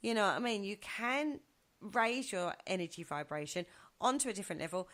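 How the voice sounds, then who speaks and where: Bright-voiced woman telling stories. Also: mid-range voice, lively intonation, a little fast. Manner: chatty storyteller who acts out quotes, often laughing. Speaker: studio guest. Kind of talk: casual radio chat. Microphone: studio microphone.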